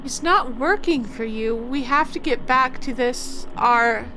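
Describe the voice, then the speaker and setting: A young woman with a high voice speaks slowly and with dry skepticism while commenting on a game beside her brother. There is a faint noise floor behind her. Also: bright, forceful tone, low-quality recording. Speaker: streamer's sister co-playing. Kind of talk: casual let's-play commentary.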